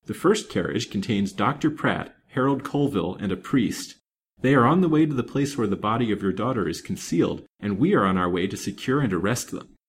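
A man voicing a confident detective in a brisk, firm, assured manner. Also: on the low side, animated, breathy edge.

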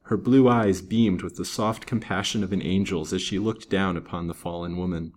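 A man reads an old melodramatic novel aloud in a measured, dramatic storytelling manner. His voice sits on the low side. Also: steady tone, a little mellow. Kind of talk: scripted narration of a Victorian novel.

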